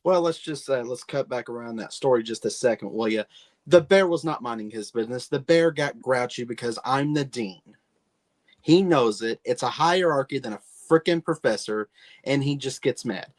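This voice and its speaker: A man's voice: mid-range voice, normal speed. A man on a podcast roundtable, delivering a brash, combative rant in the style of a wrestling promo. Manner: brash, combative, mock-heel bravado.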